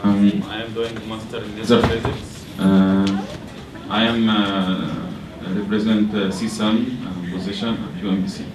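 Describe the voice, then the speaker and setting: A man from Egypt, a graduate student, introducing himself hesitantly with many pauses. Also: on the low side, level tone, crowd noise. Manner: hesitant, halting. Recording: distant mic in a noisy, echoey hall.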